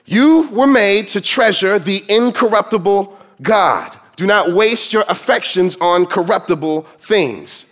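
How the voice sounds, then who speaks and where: High-voiced man preaching a sermon. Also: animated, measured pace, a bit bright. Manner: emphatic preaching, quotes scripture in dramatic voices. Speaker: pastor.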